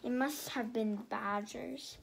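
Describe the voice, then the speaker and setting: A woman's voice: on the high side, slow pace, gravelly, a little hiss or hum, rough recording. A woman reading aloud and voicing a grumpy young boy who talks in a grouchy, know-it-all way. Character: grumpy young boy, sleepy older brother.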